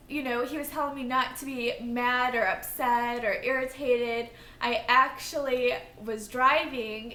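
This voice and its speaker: A woman with a high, bright voice tells her side of a marriage story candidly and plainly. Her voice rings in an echoey room. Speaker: wife sharing testimony. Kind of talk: casual Christian testimony.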